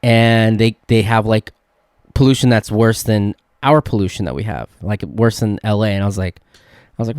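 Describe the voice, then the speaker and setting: A young man hosts a casual solo podcast, rambling through an excitable story packed with "dude" and "like." His voice sits on the low side and sounds dry and close, with no room around it. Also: normal speed, clean tone, no room sound. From California. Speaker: podcast host.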